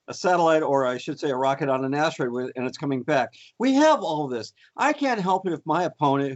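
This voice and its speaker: A man's voice: on the high side, close to an everyday voice. A man doing a boastful, rambling mock senator. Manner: rambling, boastful, full of fillers. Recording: dull lo-fi podcast audio.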